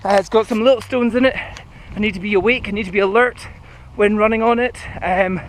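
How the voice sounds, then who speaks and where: Guy, fairly high voice, out jogging and rambling on camera, traffic and planes loud behind him. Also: steady tone, brisk. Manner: chatty, rambling, slightly breathless from jogging. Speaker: running vlogger. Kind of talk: casual vlog while jogging. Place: outdoors on paths near a city. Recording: outdoor noise, planes and traffic. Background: traffic and aircraft noise.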